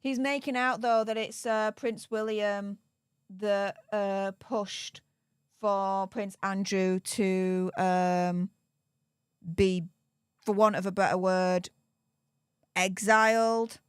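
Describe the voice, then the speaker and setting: A woman's voice: medium pitch, fairly even intonation, slow, clean tone, no room sound, studio quality. A tired woman from the UK reading a book aloud on a live stream, chatty, with sarcastic asides. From United Kingdom. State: tired after hours of streaming. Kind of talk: casual live-stream commentary.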